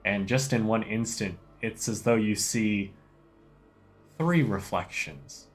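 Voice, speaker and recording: A man narrating scenes slowly and descriptively as game master of a tabletop role-play game. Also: lowish voice, faint music behind. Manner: slow, descriptive narration with pauses.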